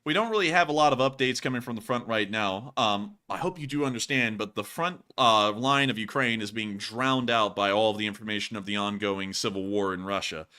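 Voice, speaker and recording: A man with a bright, forceful voice hosts a casual livestream news commentary. He talks emphatically and with animation, and he breaks into laughter often. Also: on the low side, fairly quick, hardly any pauses. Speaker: host.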